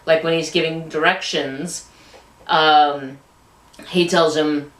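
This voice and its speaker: A woman's voice: low-pitched, steady tone, takes it slowly, pauses often. A woman casually retelling a book's anecdotes in a review, rambling along with lots of fillers. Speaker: book reviewer. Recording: roomy, distant mic.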